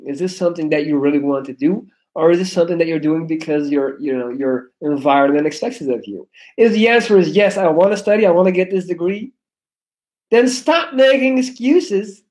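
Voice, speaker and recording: Reading chat on his casual stream, a young man with a non-native English accent is blunt, profane and jokey. His voice is a little high and a little mellow, and the audio quality is poor.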